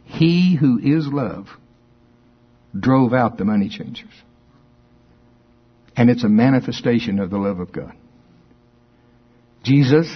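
Husky guy preaching, storytelling vibe, gets loud acting out quotes, kinda muffled lo-fi sound. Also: fairly low pitch. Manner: animated storytelling, acts out quotes with rising voice. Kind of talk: sermon.

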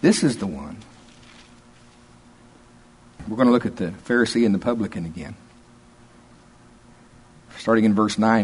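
A man's voice: on the low side, fairly quick, long pauses, a little mellow, husky. A man preaching a sermon in a folksy, emphatic, conversational way, reading scripture aloud and then explaining it.

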